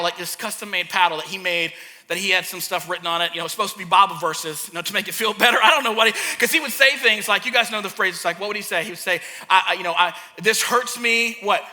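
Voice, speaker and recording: A man who is a pastor and a parent, preaching a sermon and acting out a childhood story with lively energy. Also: sits high, quick pace. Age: young adult to middle-aged, a parent. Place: church hall. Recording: long hall reverb.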